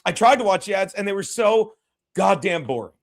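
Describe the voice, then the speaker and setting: A man's voice: high voice, expressive, brisk, a little hiss or hum. A man hosting a podcast, chatting casually and bluntly, rambling and swearing often. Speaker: podcast host. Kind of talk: casual, profane chat.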